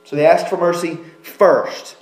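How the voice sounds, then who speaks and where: A man's voice: on the high side, steady tone, measured pace, reverberant, poor audio. A man preaching a sermon as pastor, explaining a passage in an emphatic way and often restarting his phrases.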